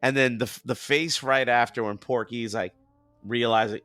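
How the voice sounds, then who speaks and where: A hoarse man, a singer worn out from a week of performing, chatting animatedly and laughing often as a podcast guest. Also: mid-range voice, steady tone, moderate pace, fairly bright tone, dry recording. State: hoarse after a heavy singing week. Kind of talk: casual chat.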